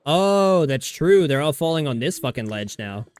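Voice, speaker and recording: A man's voice: fairly high pitch, very animated, moderate pace, darkish tone. A man livestreaming a survival game, chatting casually in a rambling, profane way and laughing often. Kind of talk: casual gaming stream chat.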